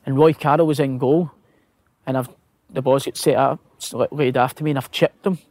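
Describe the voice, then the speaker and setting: A man's voice: medium pitch, steady tone, a little fast, darkish tone, dry recording. A Scottish man, a footballer guest, telling anecdotes with laughter, swearing and acted-out quotes. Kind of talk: casual storytelling.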